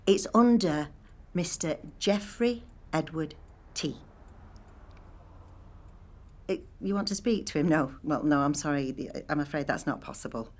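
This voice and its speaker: A chatty older woman, low-voiced. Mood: polite, firm. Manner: rambling, dry-humoured musing to herself. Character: chatty, wry older woman on hold on the phone. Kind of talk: film monologue acting.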